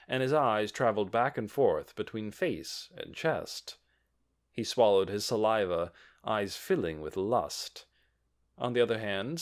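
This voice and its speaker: A man narrating an audiobook with expressive reading. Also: fairly low pitch.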